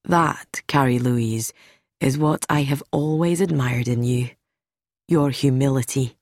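A woman reading an audiobook, lowering her voice to play a kindly older male doctor who speaks gently. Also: a little slow, no echo, clean studio sound, full character voice. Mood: gentle. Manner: gentle, warm-toned.

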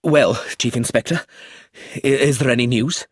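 A man voicing an emotional, excitable middle-aged man in a read story, speaking in an agitated way. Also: lowish voice, normal speed, breathy edge, no room sound, studio quality.

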